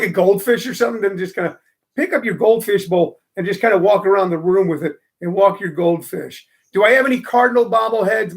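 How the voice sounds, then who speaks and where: An older man hosts a casual live stream, talking in a loose, rambling way full of fillers. His voice sits notably high for a man. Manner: rambling, chatty, many fillers. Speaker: host of a live-streamed show.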